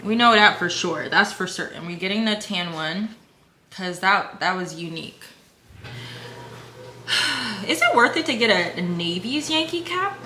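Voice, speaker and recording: A young woman vlogging at home, chatting casually and slangily while shopping online, gasping and whispering when excited. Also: medium pitch, a little slow. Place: room at home. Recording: echoey room with faint hum.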